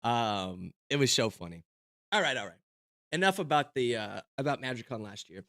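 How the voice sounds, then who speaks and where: A man's voice: medium pitch, sing-song, normal speed, sharp tone, no room sound, clean studio sound. A young man streaming casually, rambling with fillers and restarts, joking and poking fun at himself. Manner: joking, self-mocking.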